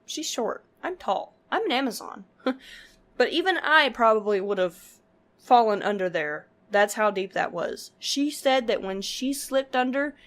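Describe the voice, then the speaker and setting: A woman vlogging to her viewers, telling a story casually with lots of filler words and frequent laughter. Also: on the high side. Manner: chatty, laughs often, full of "like" fillers.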